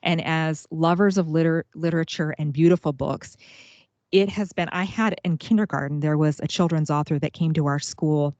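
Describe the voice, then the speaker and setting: A woman's voice: low-pitched, normal speed, a little mellow, no room sound. A woman hosting a faith-based talk show, speaking earnestly and reflectively about family struggles. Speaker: podcast host. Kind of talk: casual faith-based interview chat. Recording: dull, dry lo-fi sound.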